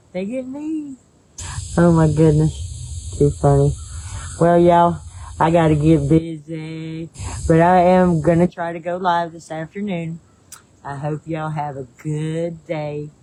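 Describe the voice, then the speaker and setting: A woman's voice: low voice, mellow, low-quality recording. A woman chatting casually on a livestream, reading viewer comments in a rambling, folksy way and chuckling often. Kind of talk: casual live-stream chat.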